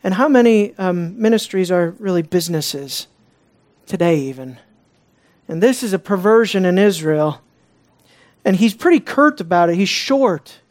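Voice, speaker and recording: A Bible teacher talks through a passage in a relaxed, conversational sermon. The delivery is full of asides and restarts. Rhetorical questions to the listeners come again and again. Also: medium pitch, moderate pace. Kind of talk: expository sermon.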